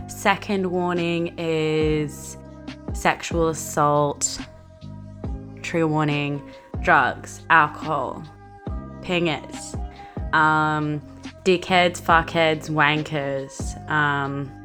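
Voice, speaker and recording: Low-voiced, blunt Australian woman ranting. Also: fairly bright tone. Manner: blunt, sweary and sarcastic. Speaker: podcast host. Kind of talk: ranting solo podcast monologue.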